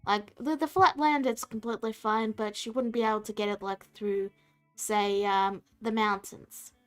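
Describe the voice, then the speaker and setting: A woman's voice: mid-range voice, fairly even intonation, moderate pace, a bit bright, faint music behind. A woman running a tabletop game as dungeon master, describing scenes in a playful, rambling way.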